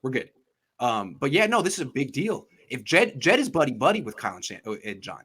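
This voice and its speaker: Male sports host, casual and animated, swooping, bright voice. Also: medium pitch, fairly quick, husky. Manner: animated, acts out quotes in voices. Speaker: podcast host.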